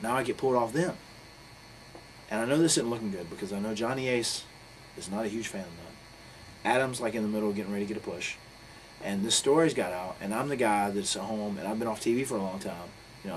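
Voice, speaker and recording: A man's voice: on the low side, quick pace, slight background noise, low-quality recording. A man, talking bluntly and profanely as he tells a heated personal story in a candid interview. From North Carolina. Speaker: interviewee, professional wrestler.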